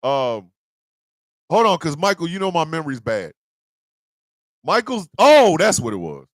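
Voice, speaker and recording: A man hosting a radio morning show, telling a profane comedic rant in a loud, animated way. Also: on the high side, no echo, studio quality. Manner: loud, animated, profane storytelling with mock voices.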